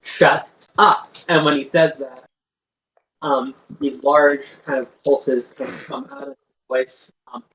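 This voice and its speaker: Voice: mid-range voice, big pitch swings, measured pace, distant mic, slight background noise. Casual game master narrating, roomy sound. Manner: loose, many fillers.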